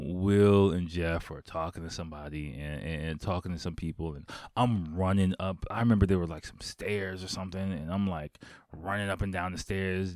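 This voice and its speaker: Deep-voiced man telling a rowdy story. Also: darkish tone, no echo, clean studio sound. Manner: rambling, profane, laughs often. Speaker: podcast host. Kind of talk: casual storytelling.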